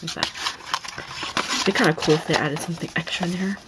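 A woman's voice: lowish voice, fairly even intonation, quick pace, pauses often, heavy background noise. Gushing young woman unboxing an album. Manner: gushing, keeps repeating oh my god, drops into whispers. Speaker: unboxing vlogger. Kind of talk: excited casual unboxing chat.

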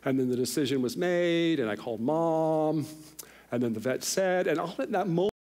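A middle-aged man preaching a sermon in a church, telling a personal story with lively, animated delivery and voicing the people in it. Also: fairly high pitch, moderate pace. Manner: animated storyteller, voices others in the tale. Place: church sanctuary.

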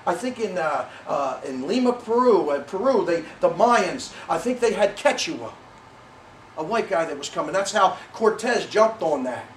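A middle-aged pastor gives a sermon in a church sanctuary, his high-pitched voice very animated at normal speed. He rambles, corrects himself, and fills gaps with many fillers. The roomy church sound comes from a distant mic, with a little hiss or hum.

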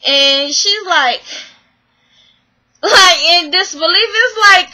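Bright high-voiced woman recapping a show. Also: takes it slowly, long pauses, poor audio. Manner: animated, exasperated, acts out the people she quotes; slangy, swears freely. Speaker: vlogger recapping a reality show. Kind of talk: casual recap and commentary.

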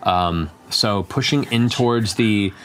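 Lowish-voiced man running a tabletop game. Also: slow pace, fairly bright tone, slight background noise. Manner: descriptive, with many fillers and restarts. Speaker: game master.

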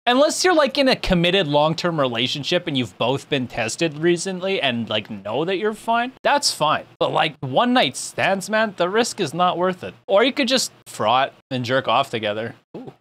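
A man's voice: a little high, big pitch swings, normal speed, hardly any pauses, fairly bright tone. A young man streaming and chatting casually while reacting to videos, with crude, rambling jokes. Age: young adult.

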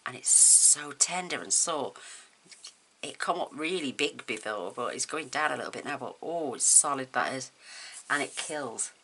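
Woman, very low voice, bright tone, gushing over happy mail, faint hiss. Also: expressive, moderate pace. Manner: gushing and emotional, exclaiming over each item. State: tearful at times. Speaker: crafting vlogger opening happy mail. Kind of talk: casual chat to camera.

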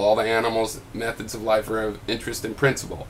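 A man's voice: on the low side, completely flat delivery, fast, a little hiss or hum, poor audio. A man recording a casual vlog at his computer, thinking aloud with many restarts and answering critics with pointed questions. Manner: argumentative, rising to pointed questions. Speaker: video blogger. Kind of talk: casual off-the-cuff commentary.

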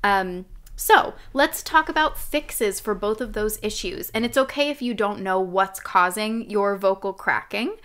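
A young adult woman teaching a live singing lesson as a vocal coach, explaining clearly and demonstrating sounds. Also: medium pitch, unhurried, a bit bright.

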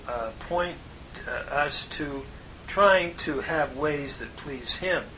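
A man lectures on grammar at a very slow, deliberate pace, his voice fairly high and bright. He pauses often with "uh" fillers while he works through each term. A faint low rumble sits under the recording. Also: poor audio. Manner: measured, pauses with many "uh" fillers, spells out Hebrew terms. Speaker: Hebrew grammar teacher.

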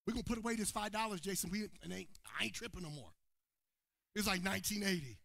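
A man preaching a sermon to his congregation, calling on people by name and swinging between shouted points and quiet asides. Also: high voice, very fast, dry recording, clean studio sound. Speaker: pastor. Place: church sanctuary before a congregation.

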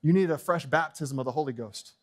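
In a church sanctuary, a pastor preaches a bold, fiery sermon in a fairly high voice at a fairly quick pace. He swings between loud proclamations and quiet asides, joking with the congregation.

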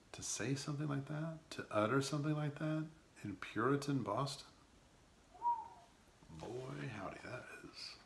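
A man teaching a novel, reading passages aloud and adding casual asides with many fillers. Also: medium pitch. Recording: roomy echo.

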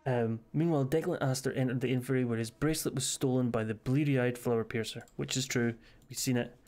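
A man's voice: medium pitch, fairly even intonation, quick pace, a little mellow. A Scottish man streaming a game live, joking crudely and reading game text aloud hesitantly. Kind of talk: casual live-stream commentary.

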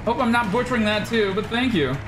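A woman streaming a game live, excitable and trash-talking opponents while she swears and thanks her viewers. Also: fairly high pitch, a little fast. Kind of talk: live gameplay streaming commentary. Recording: game music playing underneath. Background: game music.

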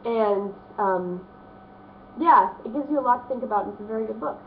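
A woman in her thirties, a vlogger showing off her book haul, chats in a rambling, casual way with a stuffy nose and lots of fillers. Her voice is on the high side and brisk, and the tinny, phone-like lo-fi recording carries a little hiss or hum.

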